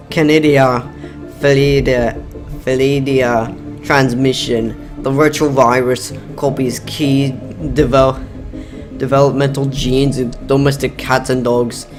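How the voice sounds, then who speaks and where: A man's voice: mid-range voice, natural voice. A man putting on an odd made-up accent. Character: adult man reading game text in a put-on odd accent. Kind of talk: mock-dramatic reading of game text.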